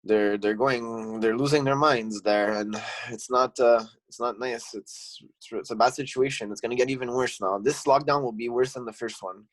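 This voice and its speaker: A man's voice: medium pitch, steady tone, normal speed, dry recording, rough recording. A man, a gym owner talking as a podcast guest, heated and swearing, restarting his sentences. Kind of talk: casual chat.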